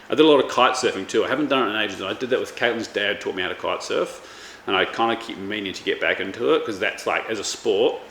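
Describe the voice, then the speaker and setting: A man's voice: deep voice, a bit bright. A man in his thirties, a chef chatting casually in a rambling way, full of ums and restarts. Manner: rambling, many fillers and restarts. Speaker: chef and vlogger. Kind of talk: casual chat. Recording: echoey room with faint background noise.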